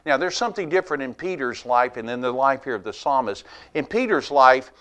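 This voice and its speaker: Folksy preacher, loud then hushed. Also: male voice, mid-range voice, fairly quick. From Alabama. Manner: animated, folksy, swings between loud and hushed. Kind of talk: sermon.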